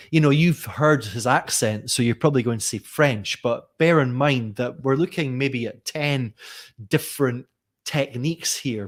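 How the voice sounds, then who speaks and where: Middle-aged male teacher trainer, lively, full of questions, live online lesson read. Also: medium pitch. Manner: lively, questioning, addresses viewers by name.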